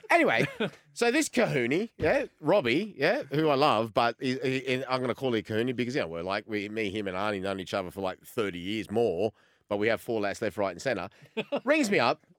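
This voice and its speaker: A man in his fifties with an Australian accent, a former goalkeeper telling an animated story as a sports radio guest and acting out the conversations he recounts. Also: medium pitch, a little fast, dry recording, clean studio sound. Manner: animated storyteller who acts out quoted exchanges.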